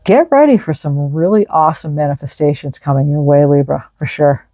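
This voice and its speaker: A woman's voice: low-pitched, a little fast, mellow, dry recording. A woman giving an enthusiastic, casual tarot reading, reading out card messages and explaining them. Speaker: tarot reader.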